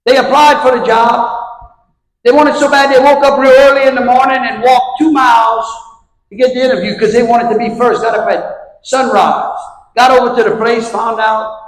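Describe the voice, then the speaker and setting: A man with a Louisiana accent speaks to a luncheon crowd in a drawling, storytelling way, pitched quite high. He keeps asking the room rhetorical questions. His voice rings around a large hall with a long, echoing tail. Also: steady tone, moderate pace. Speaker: governor giving a luncheon speech. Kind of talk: folksy public speech with anecdotes. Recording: echoey hall with long reverb.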